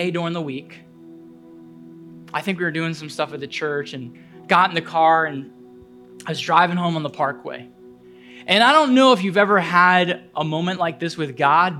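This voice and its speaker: A man's voice: fairly high pitch, sharp tone. A male pastor preaching a sermon, telling a personal story earnestly and building to fervent appeals.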